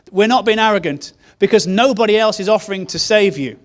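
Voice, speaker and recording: A man's voice: high voice, fairly quick, few pauses. A man preaching a sermon, telling a story in an earnest way and repeating key phrases. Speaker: pastor.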